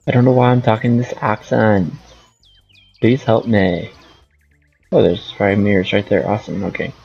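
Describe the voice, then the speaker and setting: Streamer, male, low gravelly voice, thinks aloud as he plays; muffled lo-fi audio, soft music bed. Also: moderate pace. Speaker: gaming streamer. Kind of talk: casual gameplay commentary.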